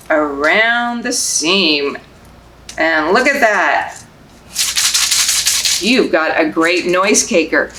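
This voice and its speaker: A young woman, a librarian, reading a picture book aloud and singing nursery songs for babies, in a sing-song, animated way. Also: medium pitch, echoey room, noisy background. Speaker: children's librarian hosting baby story time.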